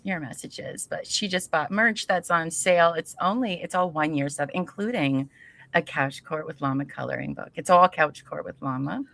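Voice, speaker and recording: A woman's voice: deep voice, normal speed, gravelly, a bit bright. A woman co-hosting a podcast, chatting in a playful, teasing way. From US Midwest. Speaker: podcast co-host. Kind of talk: casual podcast chat.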